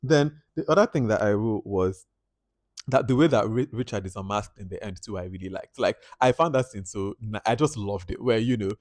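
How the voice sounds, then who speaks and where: A man's voice: on the low side, a little fast, dry recording, studio quality. A man giving a casual, chatty movie review, talking animatedly and filling his sentences with "like". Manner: chatty, animated, heavy use of "like". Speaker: film reviewer.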